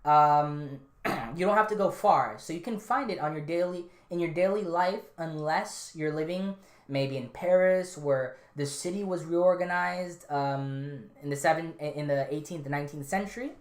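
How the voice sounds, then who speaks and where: A woman with a low-pitched voice and moderate pace hosts a casual solo podcast, offhand and rambling with many fillers and restarts. It's recorded in a roomy, echoey room.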